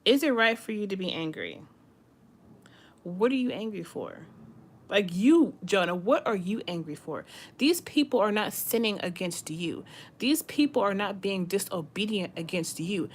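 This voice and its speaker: A woman's voice: mid-range voice, animated, unhurried. A woman leading a casual Bible study, reading scripture aloud and explaining it in a chatty, conversational way.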